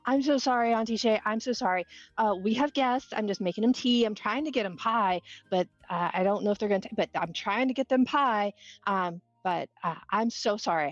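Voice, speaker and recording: A woman's voice: medium pitch, dry recording, highs cut off, lightly acted. A woman voicing a flustered, eager-to-please halfling woman who rambles and apologizes. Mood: apologetic.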